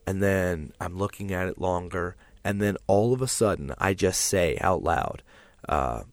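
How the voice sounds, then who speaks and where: A man tells a bizarre dream in casual chat, rambling and animated, full of "like" and "um". His voice sits on the low side. The sound is dry and close, with no room around it. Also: fairly quick, no room sound. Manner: rambling, animated storytelling with fillers.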